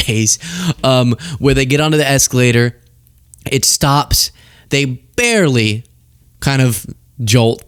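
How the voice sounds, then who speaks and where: A man's voice: mid-range voice, no echo, studio quality. Sarcastic man hosting political commentary. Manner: sarcastic, often laughing.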